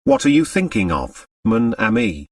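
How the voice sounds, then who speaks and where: A man's voice: on the low side, very animated, moderate pace, no room sound, far from the mic. A man voicing a fickle woman dancer, evasive and coaxing, recorded dry from off the mic. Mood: probing. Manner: evasive, coaxing, with French words.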